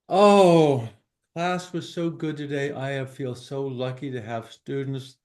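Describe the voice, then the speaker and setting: An older man, a poet and high school teacher, reading poems aloud in a playful, exclamatory manner. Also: darkish tone. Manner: playful and exclamatory, reads verse slowly and deliberately. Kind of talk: poetry reading at an open event.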